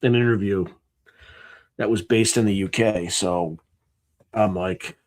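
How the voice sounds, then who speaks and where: A man's voice: lowish voice, unhurried, a little mellow. A man hosting a live stream, tired and yawning, reading through a list in a casual, offhand way with sarcastic asides. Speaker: livestream host.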